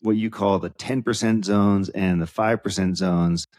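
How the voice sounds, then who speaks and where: A man's voice: lowish voice, fairly even intonation, a little slow, darkish tone. A man hosting an interview podcast, reflecting on what his guest says and drawing it out. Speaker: podcast host.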